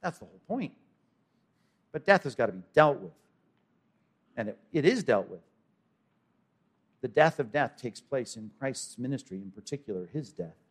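A male pastor preaching an animated sermon, swinging from loud exclamations to hushed asides and asking the congregation questions. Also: mid-range voice, normal speed, pauses often.

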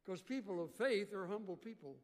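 A man preaching a sermon, swinging from loud emphatic bursts to quiet earnest asides. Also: high-pitched, animated, brisk, long reverb tail. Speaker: pastor.

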